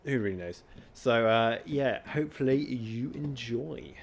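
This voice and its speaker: A man's voice: mid-range voice, measured pace, gravelly, very noisy. A young man from Britain co-hosting a casual film podcast, rambling with lots of filler words. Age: young adult. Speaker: podcast co-host. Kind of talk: casual chat.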